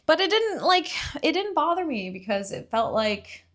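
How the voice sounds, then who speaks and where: A woman from Puerto Rico, a podcast guest in casual chat, telling stories with lively jumps into acted-out voices. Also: moderate pace. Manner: animated, acts out voices with big pitch jumps.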